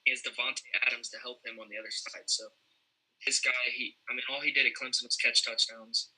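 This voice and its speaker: Very bright-voiced casual podcast man. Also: medium pitch, fairly quick, slightly rough, poor audio. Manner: hesitant, many fillers and restarts, excited bursts. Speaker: podcast co-host. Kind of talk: casual sports chat.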